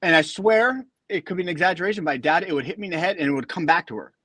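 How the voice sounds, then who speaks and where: A man, a guest on a podcast, chatting casually and telling animated stories. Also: high-pitched, rapid-fire, husky, no echo. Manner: animated storyteller, acts out voices.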